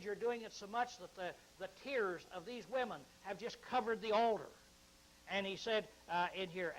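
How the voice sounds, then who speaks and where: A man teaching through a Bible book verse by verse, chatting with many fillers and restarts, reading scripture slowly and with emphasis. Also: high-pitched, fairly bright tone, slight background noise, low-quality recording. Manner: conversational, frequent uh fillers and restarts.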